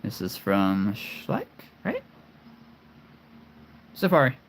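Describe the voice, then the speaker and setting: A man's voice: lowish voice, huge pitch swings, drawn-out words, a little hiss or hum. A man in his forties hosting a live stream, chatting casually and playfully about his collection, rambling with chuckles and puns.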